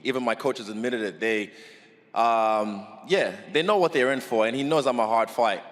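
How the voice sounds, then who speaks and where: A man's voice: medium pitch, normal speed, a bit bright, big-room sound. A man answering press conference questions as a fighter, laid-back and confident, swearing casually.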